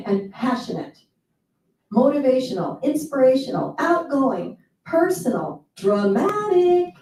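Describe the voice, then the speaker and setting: A woman's voice: a little high, dark tone. A woman giving an enthusiastic, playful motivational seminar talk to a live audience, breaking into quoted asides. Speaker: motivational speaker. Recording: echoey hall, speaker far from mic.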